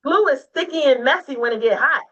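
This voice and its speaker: A woman's voice: high-pitched, lively intonation, fairly quick, sharp tone, far from the mic, dull audio. A woman hosting a casual video call forum, talking emphatically and like a preacher. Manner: emphatic, preachy, rising to a near-crying rally. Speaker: host of a women's agent forum. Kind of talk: casual chat.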